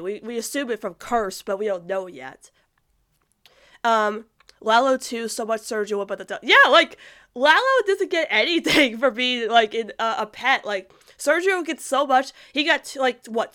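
Young woman host, casual and rambling with fillers, clear smooth tone, pitched a bit high. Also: moderate pace. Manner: rambling, animated, many fillers and restarts. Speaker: podcast host reading viewer comments. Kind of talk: casual fan chat.

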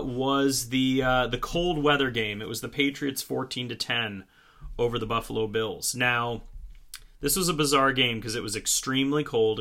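A man talks through a fantasy football recap on his own in a loose, chatty way. His voice is bright and forward, and he keeps slipping in wry, sarcastic remarks. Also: mid-range voice. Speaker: fantasy football podcast host. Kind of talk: solo casual sports recap.

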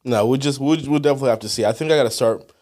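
A young man co-hosting a casual sports chat, easygoing and agreeable, quick to laugh. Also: medium pitch, a little mellow. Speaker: co-host.

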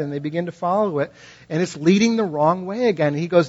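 A male preacher with a fairly high voice delivers a passionate sermon, swinging between loud emphasis and quiet, hushed points. He drives his ideas home through repetition and storytelling. The recording is dull and lo-fi. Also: fast, slightly rough. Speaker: pastor.

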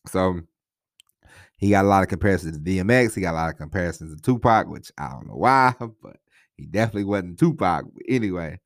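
Male podcast host, deep voice, dry close sound, loose rambling delivery. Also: animated, a little fast, no echo. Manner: conversational, repeats himself, frequent "you know what I mean". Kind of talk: casual solo podcast talk.

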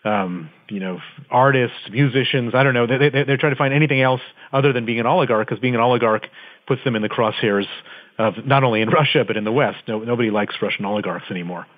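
This interview guest is a man with a medium-pitched voice who talks fast, calling in by phone from his office. The line sounds tinny, and he recounts his story conversationally, with vivid, dramatic flair.

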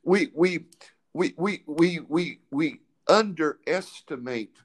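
A man hosting a casual faith talk, fervent and emphatic, often repeating words as he searches for what to say. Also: on the high side. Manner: halting, with many repeated words.

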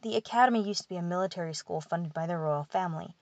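A wry, sardonic young prince with fairy blood, telling his tale in an audiobook, as a woman narrator voices him. Her lowish, dry delivery keeps him understated. The sound is close and free of room echo. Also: fast talker, a little mellow, close to an everyday voice. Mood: explaining.

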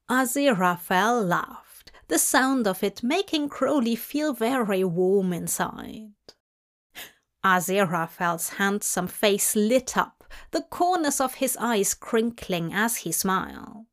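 Slow, measured woman reading a story. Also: mid-range voice, lively intonation. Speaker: story reader. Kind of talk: fanfic audiobook narration.

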